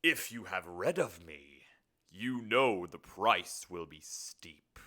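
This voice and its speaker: A man doing a slow, deep, menacing demon. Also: animated, pushed and bright, full character voice. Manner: slow, drawn-out, archaic pronouncements. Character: menacing summoned demon, male, grand and cold.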